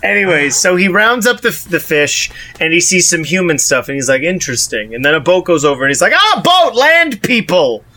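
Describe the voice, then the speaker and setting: A man's voice: a little high, quick pace, hardly any pauses, bright, forceful tone, a little hiss or hum. A man co-hosting a podcast, recapping a movie with sarcastic, profane casual chat. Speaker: podcast co-host.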